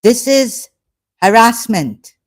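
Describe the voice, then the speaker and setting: Slow-talking, indignant woman host. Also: fairly high pitch, lively intonation. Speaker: channel host answering live chat. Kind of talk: live stream chat reply.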